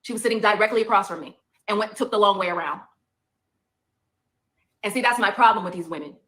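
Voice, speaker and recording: A woman's voice: mid-range voice, brisk, a bit bright. A woman in a heated monologue, emphatic and repeating her points for effect.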